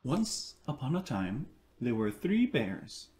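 A man reading a picture book aloud in an unhurried, playful way, with casual asides. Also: medium pitch, very animated, darkish tone. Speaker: storyteller.

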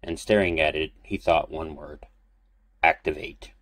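A man reading a fan fiction audiobook in a calm, steady storytelling manner. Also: a bass voice, moderate pace. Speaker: audiobook reader.

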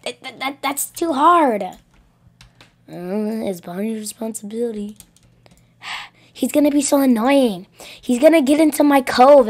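A high-voiced woman talks slowly through a game roleplay at her computer. She stammers, repeats herself and breaks into frantic yelling bursts. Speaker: gameplay roleplayer. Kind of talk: voiced roleplay over gameplay.

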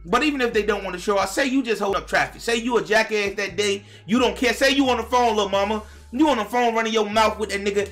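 A young man telling a story straight to his viewers, animated and profane, now and then breaking into shouts. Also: high voice, fast, hardly any pauses. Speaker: vlogger telling a personal story. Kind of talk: casual storytime monologue to viewers.

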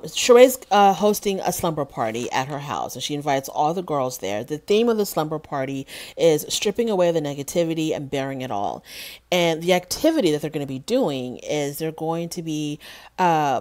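A woman hosting a casual reality TV review, sassy and animated, mocking the cast with acted-out quotes. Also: low-pitched. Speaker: reality TV recap host. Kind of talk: casual solo review commentary.

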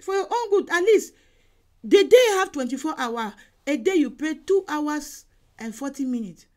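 A woman evangelist preaching a sermon over an online call, emphatic and exhorting, repeating her phrases and sometimes bursting into shouts. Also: sits high, sing-song, moderate pace.

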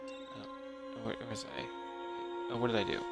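A man's voice: fairly low pitch, moderate pace, creaky. A man streaming a horror game live. He is jumpy and nervous and makes fun of himself as he plays. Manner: jumpy, nervous, self-mocking. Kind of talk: live gameplay commentary. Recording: voice over loud game music.

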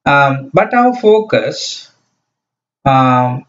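A man teaching a meditation lesson, speaking slowly and hesitantly with frequent fillers. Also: medium pitch, very animated, fairly bright tone, highs cut off. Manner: slow, hesitant, many fillers.

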